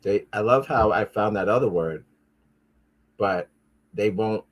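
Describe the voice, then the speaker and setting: A man's voice: fairly low pitch, measured pace. A man hosting a casual pop-culture commentary show, rambling and profane, with many restarts and asides. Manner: easily frustrated, talks back at his devices. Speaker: podcast host.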